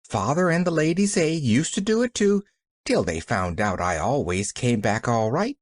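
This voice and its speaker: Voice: medium pitch, very animated, moderate pace, no room sound, studio quality. A reader voicing a cheerful, earnest little girl who chatters eagerly.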